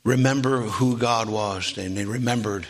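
Preaching to his congregation, a man calls for amens as he rises from an even, steady delivery to loud, high-pitched, drawn-out preaching.

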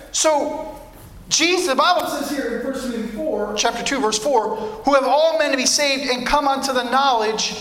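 A male pastor with a very high, bright voice delivers a sermon in an emphatic, repetitive preaching cadence. The church setting gives the sound an echo.

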